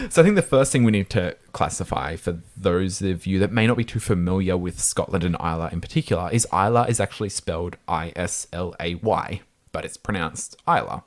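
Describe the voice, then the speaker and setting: A man's voice: low voice, lively intonation, fairly quick. An Australian man co-hosting a casual podcast chat, laughing often and poking fun at himself. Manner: laughs often, self-deprecating. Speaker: podcast co-host.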